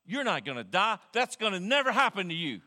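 A man's voice: high-pitched, big pitch swings, a little fast, pushed and bright, full character voice. A preacher voicing a brash, burly male fisherman disciple who talks in a blunt, demanding way. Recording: long hall reverb.

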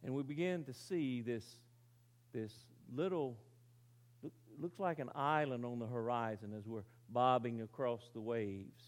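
A man preaching, telling a story with dramatic swings from loud to very quiet and asking his listeners rhetorical questions. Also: medium pitch, unhurried. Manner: asks the audience rhetorical questions. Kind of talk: sermon illustration.

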